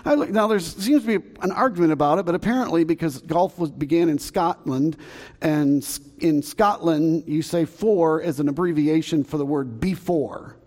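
A middle-aged Southern pastor tells a story from the pulpit, his voice a shade higher than most men's. He acts out shouts and noises and chuckles at his own jokes. The sound carries the long echo of a church hall. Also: moderate pace. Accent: Southern American. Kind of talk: storytelling sermon. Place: church sanctuary.

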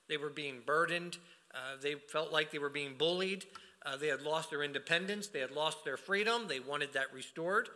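A man preaching a sermon with a strikingly bright, ringing tone that sits a little above the usual male range. He talks earnestly, often trailing into "uh" and restarting a phrase before pushing on. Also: a little high. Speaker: pastor.

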